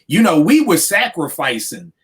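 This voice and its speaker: A man in his forties, a podcast host, ranting in animated, profane casual chat. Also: a little high, normal speed. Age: 40s.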